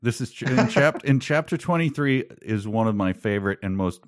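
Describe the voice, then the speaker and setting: A man co-hosting a podcast, chatting casually about a book with a wry, sarcastic manner and halting restarts. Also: medium pitch, expressive. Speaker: podcast co-host.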